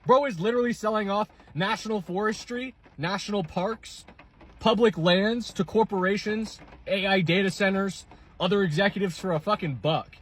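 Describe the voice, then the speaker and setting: Furious man ranting high. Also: normal speed, a little hiss or hum. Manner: yelling, furious, profane. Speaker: ranting clip poster. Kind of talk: angry phone rant. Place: inside a car in the rain. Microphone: phone.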